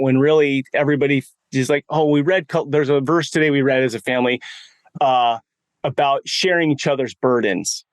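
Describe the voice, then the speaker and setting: A man's voice: medium pitch, fairly even intonation, fairly quick, clear, resonant tone, no echo, studio quality. A man hosting a podcast conversation, earnest and emphatic as he recaps what his guest said. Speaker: podcast host.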